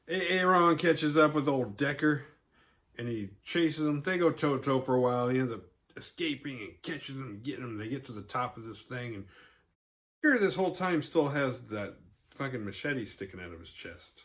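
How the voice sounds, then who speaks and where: A man's voice: medium pitch, a bit bright. A man casually recapping a horror film for his video channel, swearing freely and acting out the characters' lines in jokey voices. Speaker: horror movie review vlogger. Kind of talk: casual profane movie recap.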